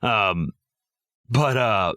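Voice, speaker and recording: A man's voice: fairly low pitch, very slow, sharp tone, no echo. A man hosting a podcast, chatting casually about a film in a rambling way, with lots of fillers and swearing. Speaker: podcast host.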